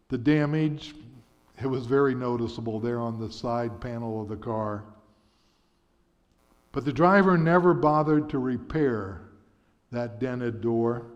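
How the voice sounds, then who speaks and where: A man preaching a sermon, telling a story in an earnest, measured way in a church sanctuary. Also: mid-range voice. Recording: dull sound with long church reverb.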